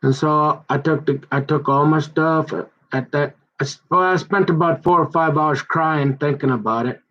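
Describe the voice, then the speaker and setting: A man telling a long personal grievance in a rambling, halting way, often restarting his sentences and growing heated as he goes. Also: fairly high pitch, fairly even intonation, fairly bright tone, highs cut off. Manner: aggrieved, heated. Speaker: son recounting a family conflict.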